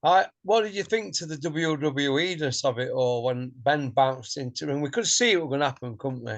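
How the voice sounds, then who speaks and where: A man's voice: on the high side, normal speed. A man hosting a casual boxing podcast, easygoing, asking short questions and calling his guest mate. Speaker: podcast host.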